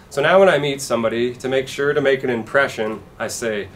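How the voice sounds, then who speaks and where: Deadpan male stand-up comic, mid-pitched, faint room noise behind. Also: quick pace, hardly any pauses, far from the mic. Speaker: stand-up comedian. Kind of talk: stand-up set.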